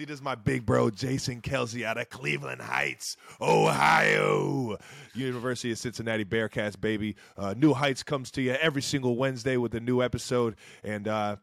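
A man's voice: medium pitch, dry recording, clean studio sound. A man in his thirties co-hosting a casual sports podcast, talking loosely with lots of "like" fillers and cursing. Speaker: podcast co-host.

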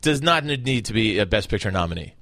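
A man's voice: fairly low pitch, lively intonation, fast talker, bright, forceful tone, no room sound. A man casually going through lists of movies on a podcast, laid-back and offhand. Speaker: podcast co-host.

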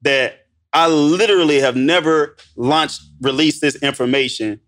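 A man talking as a podcast guest, casual and animated, peppering his talk with "bro" and "man". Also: on the high side, measured pace. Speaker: guest, entrepreneur. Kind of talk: casual conversational storytelling.

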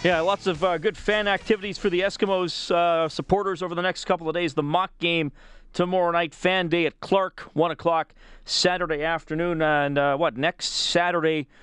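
Chatty sports radio host, crisp and dry. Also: male voice, on the high side, steady tone, normal speed, fairly bright tone, no echo, soft background music. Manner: chatty, conversational, reads out call-in details. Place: radio studio. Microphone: close studio microphone.

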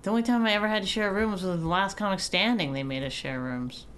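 A woman comedian co-hosting a podcast, chatting casually and telling profane, animated stories. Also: medium pitch, quick pace, slight background noise. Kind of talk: casual chat.

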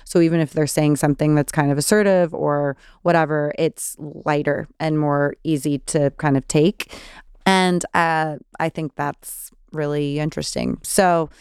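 A woman in her thirties with a Californian accent and vocal fry, chatting casually as a podcast host answering listener questions. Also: low voice, fairly even intonation, unhurried, darkish tone, no echo, studio quality. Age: 30s. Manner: chatty, many fillers and restarts. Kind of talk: casual solo Q&A.

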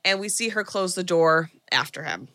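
A woman co-hosting a podcast, casually recapping a movie plot and swearing freely as she acts out quick lines. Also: fairly low pitch, expressive, sharp tone, dry recording, studio quality. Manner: retells scenes with quick quoted voices, swearing. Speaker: podcast co-host.

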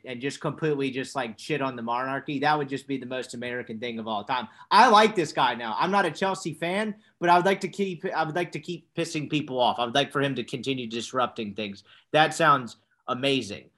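A man's voice: medium pitch, a little fast, hardly any pauses, fairly bright tone. A man co-hosting a casual sports talk show, asking questions and cracking jokes. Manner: joking, leads the questions. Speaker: podcast co-host.

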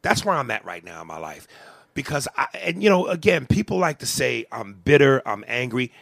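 Gravelly, bright-voiced man venting. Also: mid-range voice, sing-song, brisk, no room sound. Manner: impassioned, profane venting. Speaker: comedian and podcast host. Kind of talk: heated podcast conversation.

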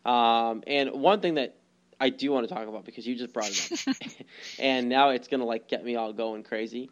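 A young man co-hosts a laid-back baseball podcast, speaking at an ordinary mid pitch. He stalls often with ums and breaks into easy laughter. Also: normal speed, muffled recording, slight background noise. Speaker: podcast co-host. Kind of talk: casual sports chat.

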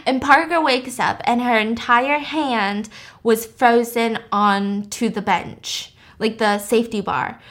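High-voiced chatty young woman. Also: takes it slowly, fairly bright tone. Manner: chatty, joking, swears, laughs often. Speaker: podcast host. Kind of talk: casual chat recapping a movie.

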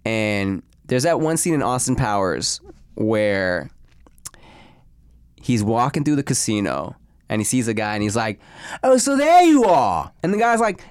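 A young man co-hosting a podcast, telling stories casually and loudly acting out the voices he quotes. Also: fairly low pitch, big pitch swings, a little slow, smooth, dry recording, clean studio sound. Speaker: podcast co-host. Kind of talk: casual storytelling.

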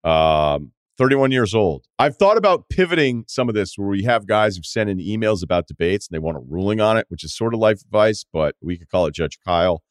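A man in his forties hosting a podcast, telling rambling stories in casual chat with swearing and animated asides. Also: fairly low pitch, fairly quick, few pauses, no room sound, clean studio sound. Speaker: podcast host.

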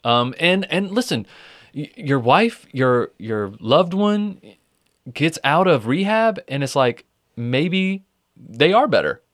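A man's voice: a little high, very animated, takes it slowly, fairly bright tone, no echo, studio quality. A man hosting a true crime podcast, chatting casually with many fillers and the odd swear word. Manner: conversational, with frequent fillers and swearing. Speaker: podcast host.

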